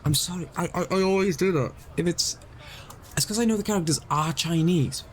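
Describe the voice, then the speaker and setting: A man's voice: on the high side, fairly quick, a little hiss or hum, poor audio. A young man streaming a game live, rambling and explaining himself self-consciously as he talks.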